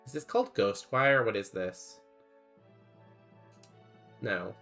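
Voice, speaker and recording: A man's voice: fairly low pitch, animated, slow, gravelly, a bit bright, faint music behind. A young man streaming a game, chatting casually and rambling as he reads chat aloud in a laid-back way.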